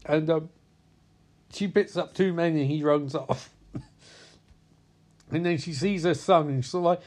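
A man with a somewhat high voice tears through a film plot in a comedic recap, swearing freely and sarcastic throughout. He keeps dropping into quick quoted bits for each character. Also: darkish tone.

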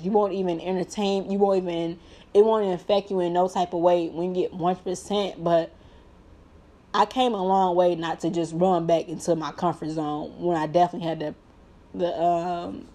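A woman's voice: fairly low pitch, dark tone. Young woman, vlogger, earnest, "like"-heavy, heartfelt advice to viewers. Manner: earnest, heavy use of "like", preachy encouragement. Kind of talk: heartfelt personal talk to viewers.

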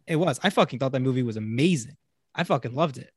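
A man's voice: medium pitch, animated, quick pace, breathy edge, no room sound, studio quality. A man co-hosting a casual movie review podcast, hesitant and frank, swearing freely. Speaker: podcast co-host.

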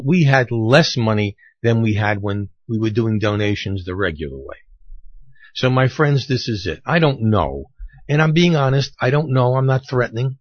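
A male radio host speaks plainly and earnestly, his talk rambling and full of small hesitations. His voice sits at a middle pitch. The recording is dry and dull, with a lo-fi sound. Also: no echo. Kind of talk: casual on-air talk.

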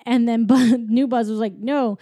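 A woman in her thirties casually recapping a movie plot, jumping into quick character voices as she retells scenes. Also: fairly high pitch, no echo, clean studio sound. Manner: animated, acts out characters' lines in quick voices.

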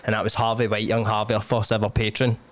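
A man's voice: lowish voice, monotone, fast. A man hosting a podcast, doing a brash, joking sponsor read. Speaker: podcast host. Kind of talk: casual chat and ad read.

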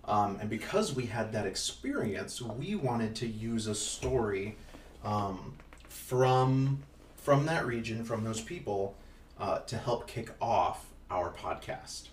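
On a casual podcast, a father co-host speaks slowly in a low-side, expressive voice, rambling playfully with plenty of ums and restarts. Faint noise, an echoey room, and distance from the mic mark the recording.

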